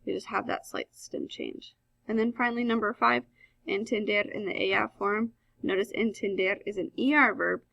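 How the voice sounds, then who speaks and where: A woman's voice: medium pitch, steady tone, normal speed, vocal fry, pushed and bright, no room sound. A woman Spanish teacher talking students through a recorded grammar lesson, explaining step by step with frequent "um" fillers.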